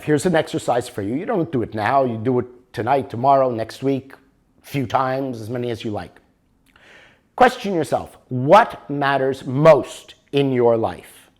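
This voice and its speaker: An older man teaching a motivational workshop, animated and always checking for agreement with the audience. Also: fairly high pitch. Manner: animated, keeps asking for agreement. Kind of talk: workshop lecture.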